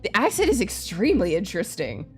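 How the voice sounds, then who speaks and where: A woman streamer reading a visual novel aloud and reacting with giggly, expressive commentary. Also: mid-range voice, fast talker, soft background music.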